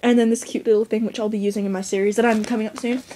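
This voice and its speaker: Teen girl, high-pitched voice, gushing excited unboxing chatter, faint background hiss. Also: rapid-fire. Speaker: toy collector vlogger.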